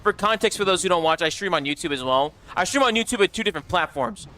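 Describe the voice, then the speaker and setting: Bright-voiced young male game streamer. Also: high voice, lively intonation, fast. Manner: loose and chatty, swears often, reads out chat. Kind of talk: casual livestream chat while gaming.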